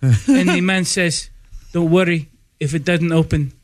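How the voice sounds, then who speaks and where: A man putting on the voice of an old male suit seller who speaks halting, broken English. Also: a little high, close to an everyday voice. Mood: joking. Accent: put-on broken English. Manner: halting, simple phrasing.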